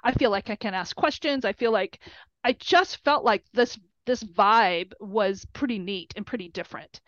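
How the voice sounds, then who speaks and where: A woman's voice: medium pitch, normal speed, fairly bright tone, dry recording, dull audio. A middle-aged woman, a mother, telling a story casually and emotionally, with many fillers and quoted dialogue. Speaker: mother of a college football player.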